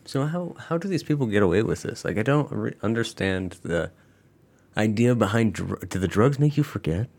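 Male co-host, very low and gravelly, playful questioner. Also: animated, a little mellow. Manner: joking, asks quick questions. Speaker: podcast co-host. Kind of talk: casual podcast chat.

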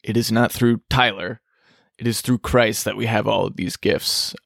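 A man co-hosting a podcast, relaxed and self-deprecating, with quick jokes. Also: fairly low pitch, vocal fry, no room sound, studio quality. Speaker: podcast co-host. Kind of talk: casual faith discussion.

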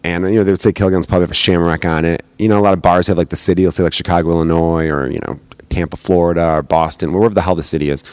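A man's voice: sits low, fairly even intonation, racing, no echo. A man hosting his own podcast as a comedian. He talks in loose, joking, profane bar-talk banter, recorded on a podcast microphone at home. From United States. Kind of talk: casual solo podcast chat.

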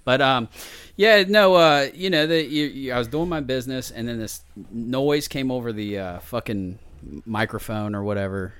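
A man's voice: mid-range voice, moderate pace, clean tone, dry recording. Profane man telling a crude story. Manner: profane, animated, acts out quoted voices. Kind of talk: casual chat, crude storytelling.

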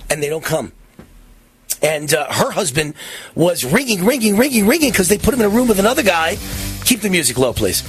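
A man's voice: sits high, fairly quick, slightly rough, no echo, faint music behind. A man hosting a talk radio show, ranting with indignation and acting out little scenes as he talks. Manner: animated and indignant, acts out scenes.

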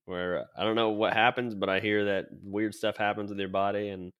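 Podcast guy cracking jokes, low-ish voice, laughs a lot. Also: level tone, fairly quick, a bit bright, clear, resonant tone, highs cut off. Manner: joking, teasing, laughs a lot. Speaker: podcast co-host. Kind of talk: casual podcast chat.

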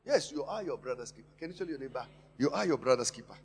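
A man preaching a sermon in a church, impassioned, swinging between quiet asides and loud emphatic lines and repeating words for stress. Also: medium pitch, expressive, quick pace. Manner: impassioned preaching with sharp rises and drops in loudness. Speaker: pastor. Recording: long hall reverb in a church.

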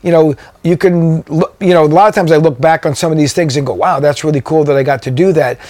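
A man's voice: a little high, fairly even intonation, quick pace, darkish tone, no echo. A man, a touring drummer, telling stories in a casual interview, rambling with many fillers and restarts. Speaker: guest drummer.

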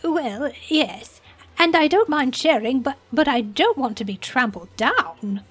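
A woman's voice: animated, unhurried, breathy edge, faint music behind, heavily acted. A woman voicing a bumbling, nervous male alchemist who stammers and giggles. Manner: stammering, giggly, high and anxious.

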